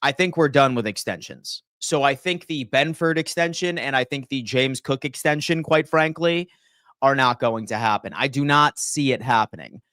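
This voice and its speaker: A man hosting a live sports talk stream, energetically reading out viewer shout-outs and giving his take. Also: mid-range voice, moderate pace, no room sound, studio quality. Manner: energetic, reads chat shout-outs aloud. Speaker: sports livestream host.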